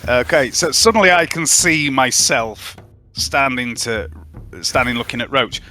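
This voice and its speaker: A man's voice: medium pitch, unhurried, sharp tone, faint music behind. A man chatting casually as a player in a tabletop game, sometimes hesitant as he works things out.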